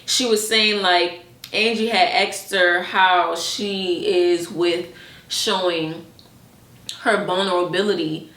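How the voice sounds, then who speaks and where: A woman co-hosting a podcast in casual chat, talking fast with many filler words. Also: fairly low pitch, echoey room. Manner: chatty, many "like" fillers, animated quoted asides. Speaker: podcast co-host.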